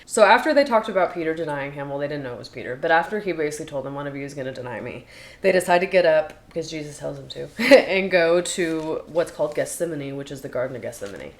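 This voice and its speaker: A woman's voice: low voice, lively intonation, quick pace. A woman co-hosting a podcast, retelling and discussing Bible passages in a casual, chatty way. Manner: chatty, retells scripture in her own words. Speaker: podcast co-host. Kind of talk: casual Bible study chat.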